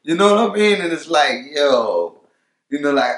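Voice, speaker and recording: A man, a rapper, talking casually in an interview, loose and laid-back, leaning on "you know" and "for real", and getting loud when he is fired up. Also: on the high side, sing-song, moderate pace, echoey room.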